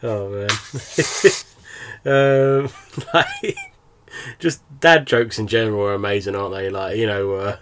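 A man's voice: lowish voice, huge pitch swings, a little slow, long pauses, a bit bright, slight background noise. An English man, a guest on a podcast, chatting casually with frequent laughs and fillers. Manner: laughs often, with many fillers. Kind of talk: casual chat.

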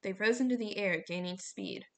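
A woman reading a novel aloud, steady storytelling with small slips. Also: medium pitch, moderate pace. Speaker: audiobook reader.

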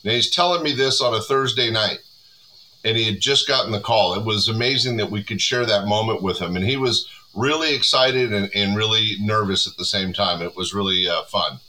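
A man in his sixties, a comedy club owner, chatting casually as an interview guest with relaxed rambling. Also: fairly low pitch, a little fast, slight background noise, low-quality recording.

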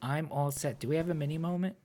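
A man's voice: fairly high pitch, steady tone, fast, crowd noise. A man from New England co-hosting a podcast, crude and jokey, swearing a lot. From New England, USA. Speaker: podcast co-host. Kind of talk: casual chat.

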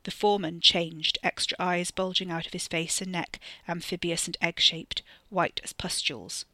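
A narrator and author reading a scripted horror story with steady, varied emphasis on a close mic. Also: medium pitch, normal speed, hardly any pauses, dry recording.

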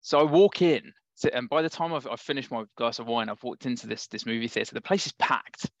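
A man with a London accent, a startup founder guest, chatting and telling an animated story on a podcast. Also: medium pitch, a little fast, no room sound, dull audio. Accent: London English. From England. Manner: animated anecdotal, laughs often.

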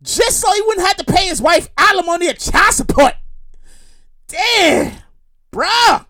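Woman, comedy podcast host, high pitched, very animated, loud profane ranting, laughing. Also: unhurried. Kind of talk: comedic solo podcast rant.

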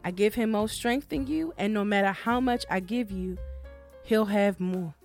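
A woman voicing God in a folktale, measured and folksy, refusing to take back what he gave. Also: mid-range voice, faint music behind, close to an everyday voice. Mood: firm. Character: calm, unbending male God of folktale.

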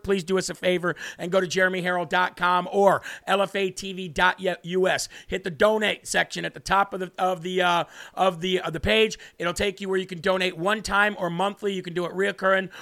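A man's voice: sits high, vocal fry, pushed and bright, dry recording, studio quality. A man hosting an American political talk show, combative and ranting at times. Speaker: show host.

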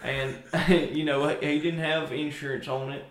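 A man's voice: on the high side, level tone, normal speed, roomy sound. A man with a North Louisiana accent telling a rambling story in a casual podcast chat, playful and joking. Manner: playful, slips into put-on voices and drawled stories. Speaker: podcast guest. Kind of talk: casual chat with joke impressions.

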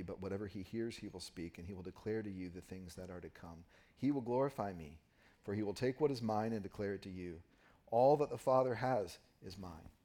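A man preaching a Sunday sermon, reading scripture and then explaining it with pauses for emphasis. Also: fairly low pitch, a little mellow. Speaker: pastor. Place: church.

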